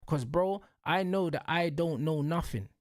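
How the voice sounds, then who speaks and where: A man's voice: on the high side, moderate pace, no room sound, studio quality. A young man, hosting and ranting casually about football in heated, repetitive street slang. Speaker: show host.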